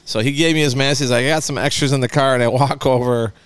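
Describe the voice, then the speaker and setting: A man's voice: medium pitch, fast, clear, resonant tone, no echo. A man co-hosting a casual talk show, telling a long rambling story and acting out the voices in it. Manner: rambling, animated, acts out voices in his stories. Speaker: podcast co-host.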